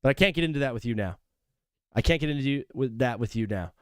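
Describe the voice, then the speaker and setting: A man's voice: medium pitch, expressive, quick pace, smooth, no echo, studio quality. A young man hosting a live sports stream, chatting loosely and jokingly with viewers and calling them brother. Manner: rambling, jokey, calls viewers brother. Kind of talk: casual live-stream chat.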